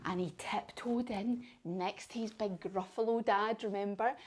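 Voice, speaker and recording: A woman leads children through yoga poses while telling a storybook tale. Her instructions are sing-song and encouraging, and her pitch sits in a middle range. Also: steady tone, a little slow, a little mellow. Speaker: kids yoga teacher.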